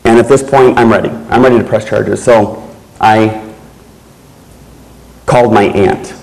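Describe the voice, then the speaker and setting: A man giving a keynote speech, telling a personal story in a slow, measured way with pauses. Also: lowish voice, fairly even intonation, vocal fry, darkish tone, poor audio. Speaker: keynote speaker.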